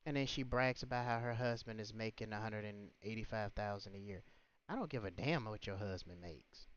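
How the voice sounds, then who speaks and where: A man rants on his livestream, indignant and scolding, piling up rhetorical questions. His voice is smooth and resonant, though the stream audio is muffled and lo-fi. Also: on the low side, fairly quick, fairly bright tone. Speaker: livestream host. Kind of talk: ranting livestream commentary.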